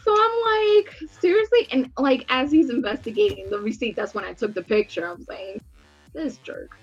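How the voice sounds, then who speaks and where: Thirtysomething woman telling a story, animated, swears a lot, voice kinda high, slightly muffled audio. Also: fairly quick, soft background music. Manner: animated, swears freely, acts out dialogue, laughs often. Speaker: podcast co-host. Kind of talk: casual storytelling chat.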